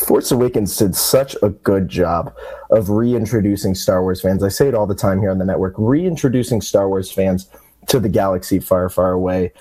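A man's voice: sits low, moderate pace, dark tone, breathy edge. A man hosting a casual fan interview, talking with eager enthusiasm. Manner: enthusiastic, chatty. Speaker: host.

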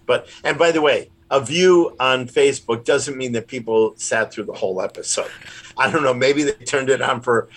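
A man's voice: medium pitch, moderate pace, fairly bright tone. A man, a rabbi and puppeteer, chatting casually in an interview in a rambling, self-deprecating way. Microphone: remote call.

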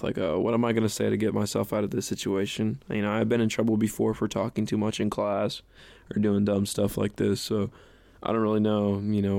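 Rambling young man with a gravelly voice. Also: lowish voice, a little mellow, no room sound. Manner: rambling, many fillers like "you know" and "like". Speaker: podcast host. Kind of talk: casual storytelling.

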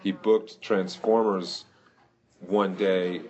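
A man's voice: low voice, little pitch movement, very slow, a little mellow, rough recording. A man in casual comedic chat, riffing and teasing as co-host.

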